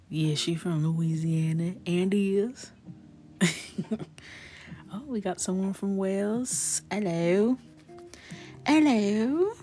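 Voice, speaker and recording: A woman's voice: on the low side, mellow. A woman hosting a coloring livestream, chatting casually, laughing and reacting to viewers' comments. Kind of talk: casual chat while coloring.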